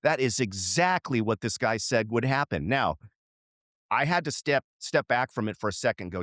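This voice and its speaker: A middle-aged man co-hosting a podcast, telling a story in casual chat and jumping up in pitch when he acts out what people said. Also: moderate pace, dry recording, studio quality. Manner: animated storyteller, voices quoted people with jumps in pitch. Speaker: podcast co-host.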